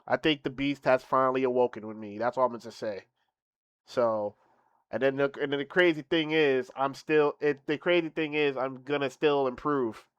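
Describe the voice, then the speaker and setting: A young man streaming casually to his viewers, boasting playfully, laughing, then thanking them softly. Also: mid-range voice, normal speed, clear, resonant tone, no room sound.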